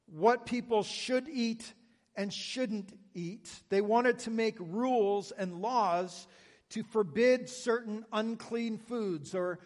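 A man's voice: sits high, big-room sound. A Canadian man with a Canadian accent, preaching a sermon in an earnest, conversational way with self-deprecating humor. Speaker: pastor.

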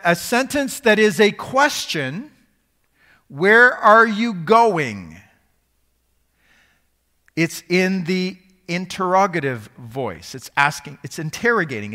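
High-voiced preacher in an echoing hall. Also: male voice, big pitch swings, a little slow, pushed and bright. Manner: conversational, quizzes the audience. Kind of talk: sermon.

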